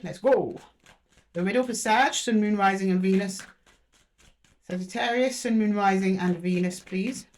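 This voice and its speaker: A woman reads tarot cards aloud in a relaxed, chatty way, thinking out loud as she turns each card. She talks to her listeners with easy fondness, at a middling pitch for a woman. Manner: chatty, musing aloud, addresses listeners fondly. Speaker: tarot reader. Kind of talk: intuitive tarot reading to camera.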